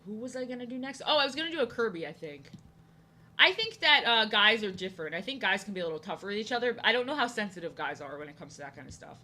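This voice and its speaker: A woman's voice: medium pitch, expressive, fast, sharp tone. A young woman chatting casually with her viewers while she draws on a stream, rambling from thought to thought. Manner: rambling, chatty, reacting to chat. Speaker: art streamer. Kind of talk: casual chat while drawing.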